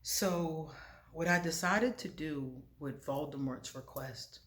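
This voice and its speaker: Animated, laughing woman vlogger. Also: low voice, slow. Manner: animated and confiding, laughs often, talks to viewers as y'all. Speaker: spiritual vlogger. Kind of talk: casual chat to the camera.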